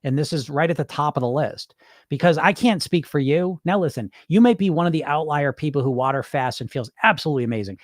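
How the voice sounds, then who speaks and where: A man's voice: a little high, fast talker, no echo, clean studio sound. A man on a weight loss live stream, reading viewers' comments and answering bluntly, swearing freely and acting out what dieters tell themselves. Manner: blunt, animated, swears freely, acts out dieters' inner voices. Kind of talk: casual live-stream talk.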